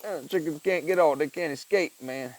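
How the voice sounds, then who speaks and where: On a low-quality wearable-mic recording, a young man speaks fairly quickly in a somewhat high voice. He rambles through a casual vlog while working on a chicken feeder beside a chicken coop and tool bench in a backyard, frequently using "dude" and "man."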